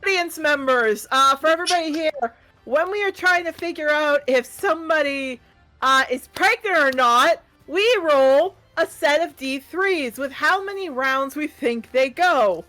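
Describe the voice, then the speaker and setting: A woman's voice: high voice, measured pace, sharp tone, faint music behind. A woman narrating as game master of a tabletop game, chatty and often laughing. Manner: laughing, chatty, addresses the audience.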